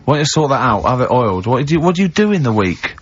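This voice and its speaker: A man hosts a radio show in loose, chatty banter, steering between teasing remarks and long rambling anecdotes. His voice sits at an ordinary middle pitch, and the sound has the dull, muffled edge of an old lo-fi broadcast. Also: big pitch swings, very fast, slight background noise. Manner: rambling anecdotes, giggly laughter. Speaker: radio host.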